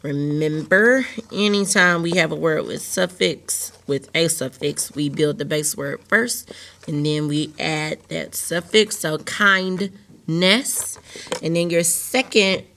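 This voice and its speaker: Woman teacher talking slow for little kids, sounding out words super clearly, lowish voice. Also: fairly bright tone. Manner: slow, deliberate, enunciating words for young learners. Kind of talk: recorded lesson for students.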